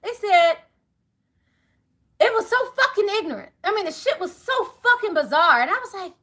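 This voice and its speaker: Brief: outspoken woman reader, very high, bright, lively delivery, swears freely, talks straight to viewers. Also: normal speed. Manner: blunt, profane, laughing often. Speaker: tarot reader. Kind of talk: animated monologue to viewers.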